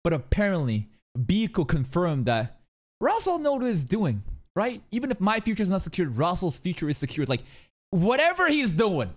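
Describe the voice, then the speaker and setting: A man streaming an anime reaction, excitable and swearing freely, firing off exclamations and rhetorical questions. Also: high voice, a little fast. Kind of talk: live reaction commentary.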